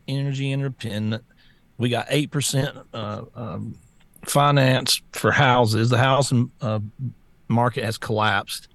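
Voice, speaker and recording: A man's voice: medium pitch, gravelly, no room sound. A man co-hosting a political talk show, blunt, profane and mocking in casual chat. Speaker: co-host.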